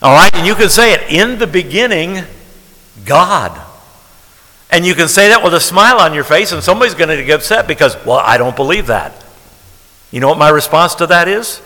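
Bright-voiced preacher in an echoey hall. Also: male voice, high-pitched, animated, fairly quick. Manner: conversational preaching, repeating phrases for emphasis. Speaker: pastor. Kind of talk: sermon.

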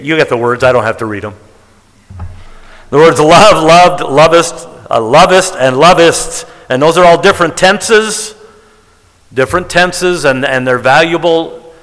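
A man's voice: a little high, a bit bright. A man preaching as a Bible teacher, stressing key words emphatically as he counts out figures. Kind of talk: sermon-style Bible teaching. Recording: long reverb of a large hall.

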